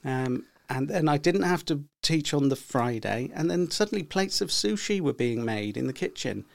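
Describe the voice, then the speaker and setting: Middle-aged bloke rambling through a story, bit gravelly, kinda high. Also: male voice, lively intonation, moderate pace, slight background noise. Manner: rambling storyteller, acts out quotes. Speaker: podcast co-host. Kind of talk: casual chat.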